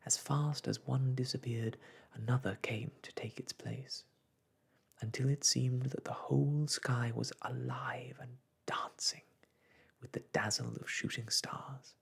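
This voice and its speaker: A man reading a bedtime story aloud in a soft, hushed whisper. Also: mid-range voice, fairly even intonation, unhurried, vocal fry, breathy edge.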